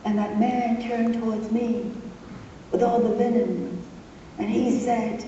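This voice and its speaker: A woman's voice: a little high, fairly even intonation, slow, pauses often, mellow. An older woman from New York, a poet telling stories on stage to a live audience in a rhythmic, repeating way, laughing often. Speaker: poet and speaker. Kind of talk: storytelling on stage. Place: arts center hall, live audience. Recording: distant echoey hall, dull and noisy.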